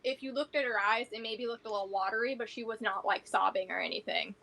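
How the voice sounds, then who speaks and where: Woman, tabletop player, chatty, run-on talk, fairly high voice. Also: fast talker, creaky, bright, forceful tone. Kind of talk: casual tabletop game talk.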